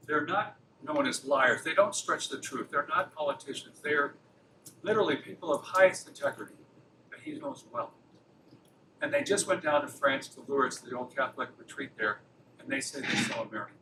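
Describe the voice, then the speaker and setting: A man's voice: on the high side, recorded from a distance, noisy background. A man from Los Angeles giving an informal lecture to a campus club, keeping it conversational with frequent rhetorical questions. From Los Angeles, USA. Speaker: guest speaker at a campus apologetics club. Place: lecture room.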